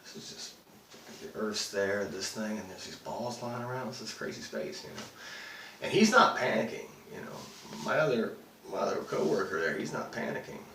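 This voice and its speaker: A man's voice: on the low side, sing-song, normal speed, fairly bright tone. An actor playing a rattled male astronaut who rambles and swears as he recounts a UFO sighting. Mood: uneasy. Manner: rambling, profane, full of fillers. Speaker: actor performing a monologue. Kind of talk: dramatic monologue. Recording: roomy, distant mic, faint noise.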